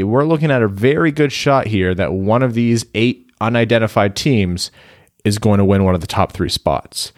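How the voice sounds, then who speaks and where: A man co-hosting a hockey podcast, explaining things haltingly with many fillers. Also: lowish voice, no room sound, studio quality. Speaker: podcast co-host.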